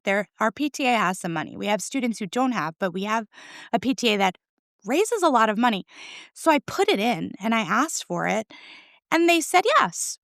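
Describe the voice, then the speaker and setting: A lively woman in her forties talks as a podcast guest, with a fairly high voice that has a gravelly fry running through it. The sound is dry and close, with no room around her. She is full of enthusiasm, laughs easily and checks in with a "right?" after her points. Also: dry recording. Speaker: school librarian, podcast guest. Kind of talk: conversational interview.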